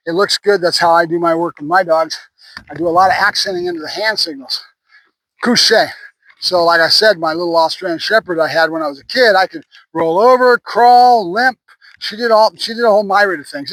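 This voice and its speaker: A man's voice: high voice, fairly bright tone, no echo, rough recording. A middle-aged man working as a dog trainer, praising his dog between explanations to viewers. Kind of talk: hands-on training demonstration.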